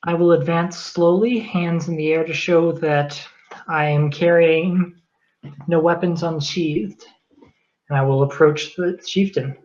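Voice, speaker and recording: A player in a tabletop game speaks slowly and deliberately, using a formal voice for the character's lines. The recording is a little muffled. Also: mid-range voice, steady tone, a little mellow. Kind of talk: in-character tabletop role-play.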